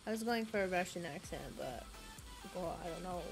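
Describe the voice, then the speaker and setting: A woman's voice: on the low side, animated, brisk, music in the background. A young woman chatting casually and giggling as she streams a farming game. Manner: chatty, giggly, easily distracted. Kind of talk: casual gaming livestream chat.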